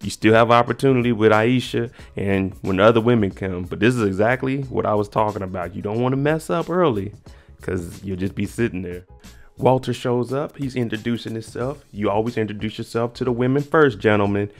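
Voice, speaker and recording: A man hosting a casual reaction talk, chatting in a relaxed, slangy way and giving dating advice to the guys. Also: on the low side, fairly quick, faint music behind. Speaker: reality show reaction host.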